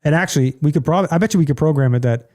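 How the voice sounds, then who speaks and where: A man's voice: fairly high pitch, racing, a little mellow. A middle-aged man hosting a casual podcast from home, blunt and ranting, with a joking streak. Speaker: podcast host.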